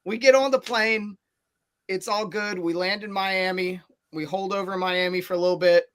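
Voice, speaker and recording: A man telling a long story on a casual podcast, animated and rambling, with many fillers and restarts. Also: high voice, normal speed, clear, resonant tone.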